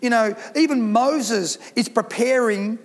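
High-voiced man preaching in a reverberant hall. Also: slow pace. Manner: emphatic preaching, reads scripture aloud. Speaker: pastor. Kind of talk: sermon.

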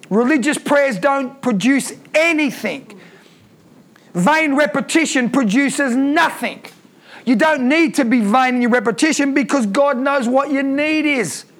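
A man's voice: very high voice, animated, a little slow, a bit bright. A man preaching a sermon, reading scripture aloud and breaking off to comment with emphatic repeated phrases and rhetorical questions.

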